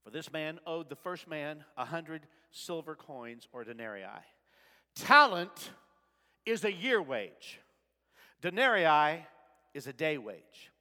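A man preaching a sermon in a church sanctuary, swinging between shouted lines and soft asides. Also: a little high, very animated, slow. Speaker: pastor. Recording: long reverb of a large sanctuary.

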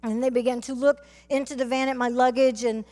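A high-pitched woman with a Southern US accent, preaching her testimony to a church. She tells her story with fervour and swells into cries of praise. Her voice rings through a reverberant sanctuary with a long tail. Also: level tone, a little fast, faint music behind. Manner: fervent storytelling preacher, rising to shouts. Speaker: guest speaker. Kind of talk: testimony sermon. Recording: reverberant hall.

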